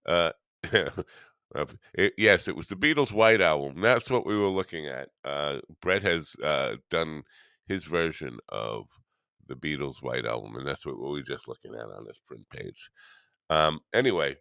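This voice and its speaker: Super low-voiced guy rambling to his stream chat, half asleep, dry close sound. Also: lively intonation, unhurried, creaky, bright, forceful tone, dry recording. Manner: rambling, self-deprecating, talks to chat viewers. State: drowsy, half awake. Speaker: host of a morning live stream. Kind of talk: casual live-stream chat.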